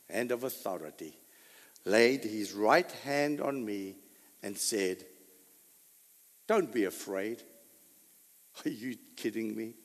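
A man preaching a sermon as pastor, full of rhetorical questions and sudden loud bursts. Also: mid-range voice, gravelly. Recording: long hall reverb.

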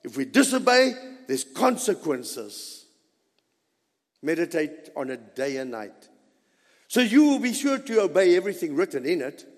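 A man's voice: fairly high pitch, sing-song, measured pace, pauses often, long reverb tail. A man preaching a sermon as pastor, emphatic and dramatic, dropping suddenly to near whispers.

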